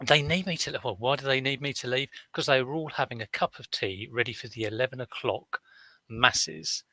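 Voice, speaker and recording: A man's voice: medium pitch, moderate pace, pushed and bright. A man, chatting casually on a live stream as a reseller, rambling through stories with many fillers and restarts. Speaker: reseller vlogger.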